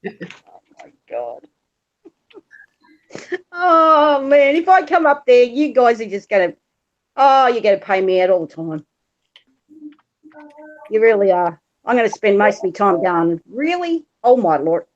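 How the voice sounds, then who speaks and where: A woman's voice: mid-range voice, lively intonation, unhurried, long pauses. Laughing Australian woman, lo-fi sound. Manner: laughing, teasing, self-mocking. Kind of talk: casual chat. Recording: dull lo-fi sound.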